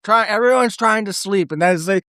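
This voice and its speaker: A podcast co-host retelling scenes excitedly, often laughing and swearing. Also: medium pitch, a little fast, no echo, clean studio sound. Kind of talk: casual film discussion.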